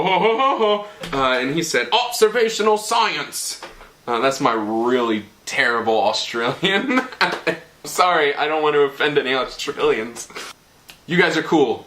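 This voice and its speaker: Bright young man rambling on a vlog. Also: medium pitch, a little hiss or hum. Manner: rambling, filler-heavy, playful. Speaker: channel host. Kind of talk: casual vlog recap.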